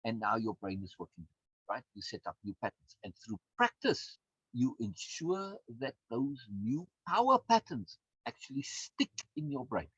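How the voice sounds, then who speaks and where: A man's voice: mid-range voice, sing-song, moderate pace, fairly bright tone, breathy edge, dry recording. A man, a course instructor and coach, giving a recorded lecture in an emphatic way, repeating words and often adding tag questions. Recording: dull, dry lo-fi sound.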